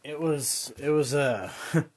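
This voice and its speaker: Guy guest on a podcast, casual, halting, backs up the story in short bits. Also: a little high. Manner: brief agreeing interjections, halting. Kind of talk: casual chat.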